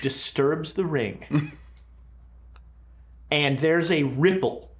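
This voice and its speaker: A game master narrating a horror tabletop game, halting and full of fillers and restarts. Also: mid-range voice, a little hiss or hum. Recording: roomy echo.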